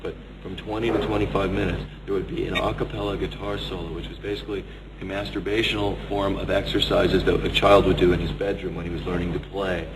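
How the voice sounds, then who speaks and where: Deep fast-talking man, wry. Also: flat delivery, gravelly. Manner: wry, rambling recollection. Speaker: band member. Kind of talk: casual chat. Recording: noisy reverberant recording.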